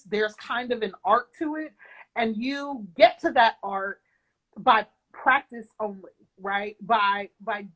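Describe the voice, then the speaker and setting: A woman speaking as a guest in a live video chat, animated and emphatic, often laughing and acting out quotes. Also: a little high, rough recording. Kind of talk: casual live-stream conversation.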